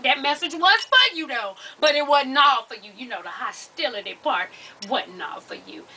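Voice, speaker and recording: A woman hosts an advice vlog in a high, bright voice, delivering blunt, profane tough love straight to the viewer. She sounds a little distant from the microphone. There is a faint hiss of room noise underneath. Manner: addresses viewers as "baby" and "y'all". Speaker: advice show host.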